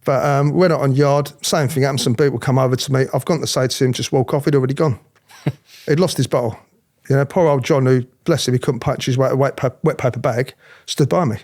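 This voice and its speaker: A middle-aged man telling his story in an interview, animated, acting out other people's voices, often restarting his sentences. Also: medium pitch, a little fast. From England. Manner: animated, acts out quoted voices, frequent restarts. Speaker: interviewee, former police officer.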